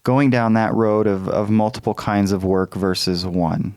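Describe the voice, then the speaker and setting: A man co-hosting a podcast, measured and questioning, with a joking side in casual chat. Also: fairly low pitch, fairly even intonation, darkish tone, smooth, dry recording, clean studio sound. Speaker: podcast co-host.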